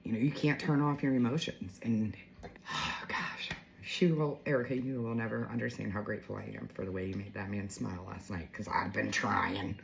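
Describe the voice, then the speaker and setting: A woman's voice: very deep voice, fairly even intonation, fast talker, creaky, hardly any pauses, rough recording. A woman in her forties telling a heartfelt story to her viewers in a chatty, emotional way, full of fillers. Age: 40s. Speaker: vlogger.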